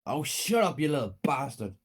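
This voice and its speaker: A man's voice: medium pitch, expressive, a little mellow, lightly acted. A man putting on a cruel, menacing mother. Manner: slow, menacing, scolding. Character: cruel, cold, abusive mother, adult woman.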